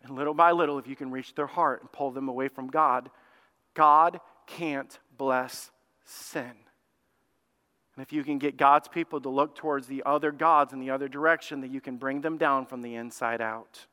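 A man's voice: medium pitch, fairly even intonation, moderate pace, sharp tone, smooth, in a large hall, pitched below the performer's own voice, natural voice. A man voicing a scheming ancient male prophet for hire, in a casual, matter-of-fact storytelling way. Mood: conspiratorial.

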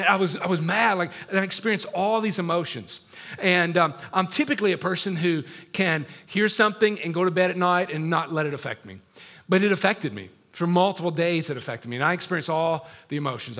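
A man's voice: fairly high pitch, sharp tone. A man preaching a sermon as a pastor, telling stories in a casual, self-deprecating way. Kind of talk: storytelling sermon.

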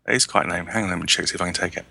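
A man co-hosting a chat podcast, teasing the others and spinning deadpan jokes. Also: low voice, racing, creaky, noisy background. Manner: jokey, teasing, with deadpan tall tales. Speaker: podcast co-host.

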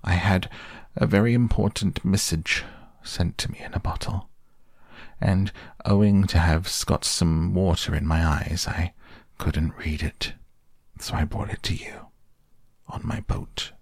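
A man's voice: low voice, fairly even intonation, measured pace, vocal fry, darkish tone, no echo, studio quality, exaggerated voice. A man voicing a simple, proud little bear with a growly voice in a storybook reading.

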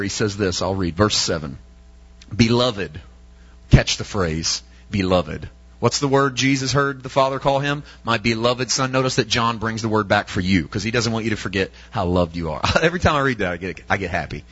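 A man's voice: on the low side, a bit bright, husky, dull audio. A male preacher delivering an emphatic sermon, often asking his listeners rhetorical questions.

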